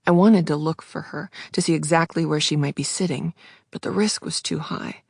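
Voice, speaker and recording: A woman reading a first-person thriller audiobook in a hushed, tense voice, close to the mic. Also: sits low, gravelly, dry recording. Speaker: audiobook narrator.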